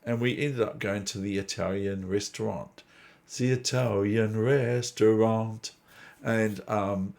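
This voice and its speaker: Gravelly, rambling New man. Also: fairly low pitch, fairly even intonation, slow pace, darkish tone. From New Zealand. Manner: digressive, chatty, self-deprecating. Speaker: chess channel host. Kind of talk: casual rambling commentary.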